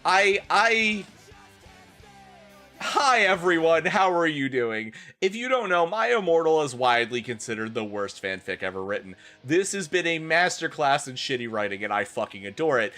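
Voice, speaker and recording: A man streaming a comedic reading, greeting his chat excitably and swearing freely. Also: on the high side, normal speed. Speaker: streamer reading a fanfic aloud. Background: faint rock music.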